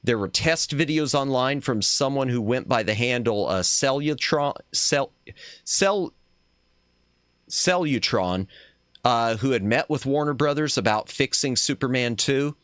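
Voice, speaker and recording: A man's voice: medium pitch, animated, unhurried, fairly bright tone, clean tone, no room sound, studio quality. A man hosting a casual chat stream, talking in a rambling, opinionated way that trails off and restarts as he goes. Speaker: streamer host.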